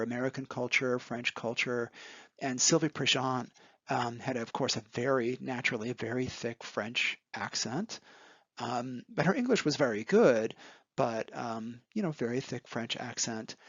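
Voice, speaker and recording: Man, mid-pitch, halting reminiscence over slides, dull dry recording. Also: fairly bright tone, dry recording. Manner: hesitant, many ums and restarts. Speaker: former graduate student.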